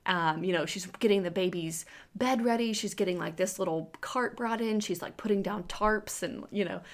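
A woman's voice: medium pitch, normal speed. A woman in her thirties telling the story of giving birth in a casual, chatty way, full of "like" and "um". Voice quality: creaky fry, filler-heavy with "like" and "um". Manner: animated retelling, acting out quoted lines.

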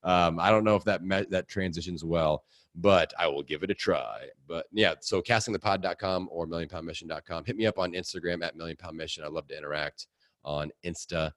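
Indiana man, middle-aged, very low voice, dry close sound, lively guest energy. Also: fairly quick, no room sound. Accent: Midwestern American (Indiana). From Indiana, USA. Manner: energetic, upbeat, acts out quotes. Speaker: podcast guest, coach. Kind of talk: casual interview chat.

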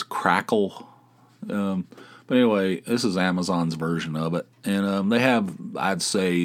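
Rambling, swearing middle-aged man. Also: low voice. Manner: rambling, wry, swears freely. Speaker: podcast host. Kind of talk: casual solo podcast chat.

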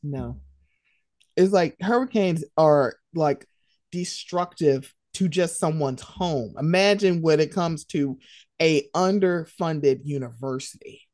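A woman co-hosting a podcast, ranting in heated casual commentary, animated and profane. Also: low voice, slow, dry recording, studio quality.

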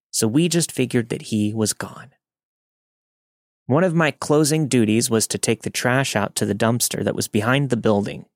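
Male storyteller, even measured read, dry booth sound. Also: mid-range voice, no room sound. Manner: steady, measured reading. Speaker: horror story narrator. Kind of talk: scripted first-person narration of a listener story.

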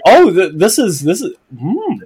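A woman from New Zealand with a New Zealand accent, chatting in an interview, animated and laughing, stumbling over words. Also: medium pitch, measured pace, a crowd in the background. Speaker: film crew member. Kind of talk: casual interview chat.

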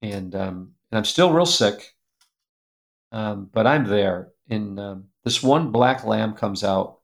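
Earnest male guest storyteller, gravelly edge, animated and heartfelt. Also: fairly low pitch, takes it slowly. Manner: animated, acts out quoted voices; earnest, drops to a soft hush at tender moments. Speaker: guest speaker, publisher founder. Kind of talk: emotional storytelling in an interview.

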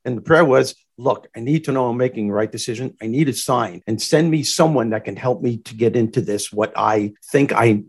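Husky-voiced man telling stories. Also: mid-range voice. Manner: lively storyteller acting out quoted voices. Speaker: guest, comedian turned motivational speaker. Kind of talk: animated storytelling interview.

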